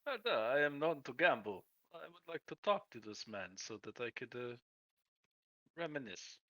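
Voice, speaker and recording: A man's voice: mid-range voice, sing-song, moderate pace, sharp tone. A man voicing a brash, boastful sports star who speaks broken English, dropping his articles. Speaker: player.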